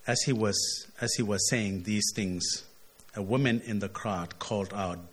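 Husky-voiced man preaching a sermon. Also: fairly low pitch, measured pace. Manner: expository, asks "isn't it?", surges loud on quotes.

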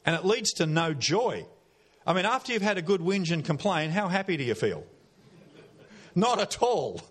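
An Australian man preaches a folksy, conversational sermon in church, repeating phrases and putting questions to the congregation. His voice is high, a bit bright and husky, with big pitch swings and normal speed.

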